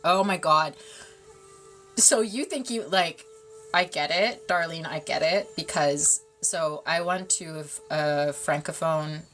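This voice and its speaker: A bubbly, giggly Canadian woman hosts a casual livestream, reading and answering chat while switching between English and French. Her voice is low-pitched and a bit bright, she speaks slowly, and faint music plays in the background.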